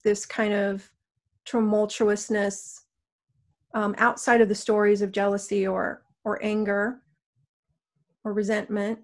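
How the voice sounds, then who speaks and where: A middle-aged woman guiding a healing session with slow, soothing, coaxing prompts. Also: mid-range voice, level tone. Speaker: energy healer guiding a session.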